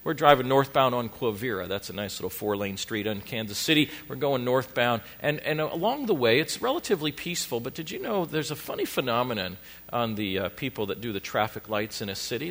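Animated bright-voiced man preaching. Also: mid-range voice, moderate pace. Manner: animated, self-deprecating, acts out family scenes. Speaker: pastor. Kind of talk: humorous sermon storytelling. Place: church congregation.

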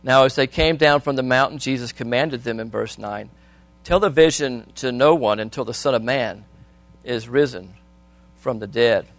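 A man preaching a sermon, reading scripture aloud and asking the congregation questions, swinging between soft and loud. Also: medium pitch, normal speed, no room sound.

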